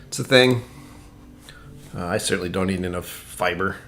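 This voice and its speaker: A man's voice: deep voice, moderate pace, fairly bright tone, soft background music. A man hosting a casual whiskey-tasting live stream, rambling and joking as he reads chat aloud.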